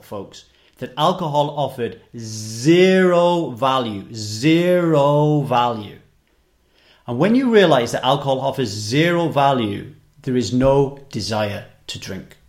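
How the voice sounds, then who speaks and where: A man from the UK telling a personal story with intensity, swearing freely and repeating himself as he talks. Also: mid-range voice. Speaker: podcast guest.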